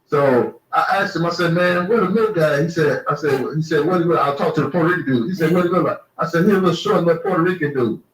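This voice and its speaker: A man's voice: on the high side, quick pace, hardly any pauses. A laid-back man with a slightly raised voice hosts a loose, profane conversation, wandering through anecdotes and firing off questions. He is picked up from a distance in a roomy, echoing space. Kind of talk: casual profane chat. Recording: roomy echo, distant mic.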